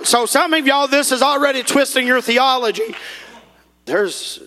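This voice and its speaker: A man preaching a sermon, telling a folksy story in an animated way that rises into shouts. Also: high voice. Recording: echoey hall reverb.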